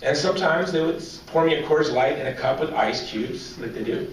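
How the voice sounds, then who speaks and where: A man in his forties giving a humorous personal story speech at a banquet, as an animated, joking storyteller. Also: fairly high pitch, brisk. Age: 40s. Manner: joking, animated storyteller drawing audience laughs. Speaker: banquet speaker. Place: large banquet hall with audience. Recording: echoey hall, distant mic, faint noise.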